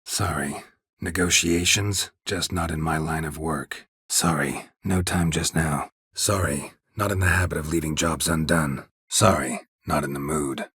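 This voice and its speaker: An actor voicing a gruff, terse middle-aged male monster hunter in a video game, speaking in short, flat, clipped lines. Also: a little slow, dry recording, exaggerated voice. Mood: curt. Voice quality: very husky, low gravelly voice. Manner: clipped, flat, laconic delivery. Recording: dry studio booth.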